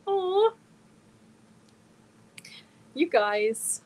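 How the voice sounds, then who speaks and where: A woman's voice: very high voice, sing-song, very slow. A middle-aged woman from Germany, hosting a casual live stream and reading viewer messages aloud as she answers them. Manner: reads chat messages aloud and answers viewers warmly one by one.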